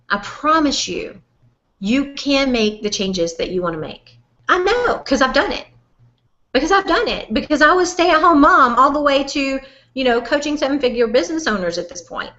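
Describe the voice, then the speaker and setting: Animated Southern woman coaching a webinar. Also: on the high side, muffled recording. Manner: animated, folksy and direct, calls listener "honey". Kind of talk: motivational webinar talk.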